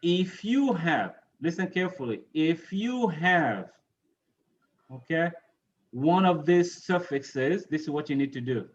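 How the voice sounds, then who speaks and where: Slow-talking man drilling pronunciation. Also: on the high side, lively intonation, dull audio, slight background noise. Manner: patient, drills words by repeating them and quizzing the class. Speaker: English pronunciation teacher. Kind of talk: classroom pronunciation lesson.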